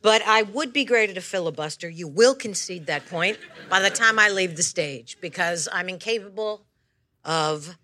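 An older woman, a comedian guest, does rambling, tangential stand-up before a live audience, holding a wireless mic and peppering her set with apologies and self-deprecating asides. Her fairly low voice sounds pushed and bright at a moderate pace, with slight background noise.

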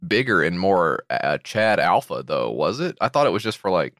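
A man with a low voice co-hosting a comedy podcast. His pitch jumps around a lot as he tosses in wry, sarcastic remarks. The sound is close and dry. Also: very animated, normal speed, a bit bright, no echo. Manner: sarcastic asides and wry commentary. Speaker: podcast co-host. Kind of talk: casual comedic banter.

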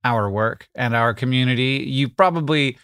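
A man's voice: medium pitch, a bit bright, clean tone, dry recording, studio quality. A man hosting a live podcast on stage, joking with a guest and the crowd in a playful banter style. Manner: playful, joking, quick asides. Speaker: podcast host.

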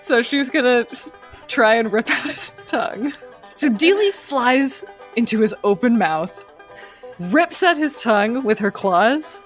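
A woman's voice: fairly high pitch, expressive, a little slow, soft background music. A woman playing a tabletop game, casually narrating her character's actions. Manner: casual, storytelling. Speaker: player.

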